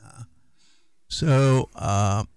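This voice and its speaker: A man's voice: mid-range voice, extremely slow, darkish tone, smooth, dry recording. A man co-hosting a casual radio chat, rambling with fillers and restarts. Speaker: radio co-host.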